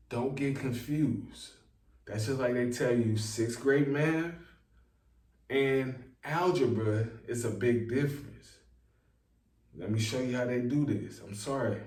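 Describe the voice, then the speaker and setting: A man talking to his viewers in a slow, preachy, rambling monologue, repeating lines for emphasis. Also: medium pitch, darkish tone, recorded from a distance. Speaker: online self-help talker. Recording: echoey room, voice set back from the mic.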